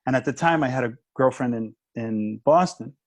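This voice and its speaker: A comedian turned minister in his fifties casually chats through a story, quickly restarting lines and voicing the dialogue. His pitch is medium, and the recording has no room sound.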